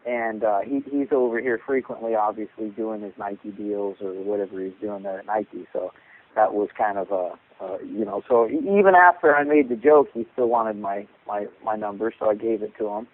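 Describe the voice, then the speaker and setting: A man's voice: fairly low pitch, steady tone, moderate pace. A man, a boxing coach and podcast guest, telling a rambling story over the phone, repeating words and acting out what others said. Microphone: phone call. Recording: tinny phone line.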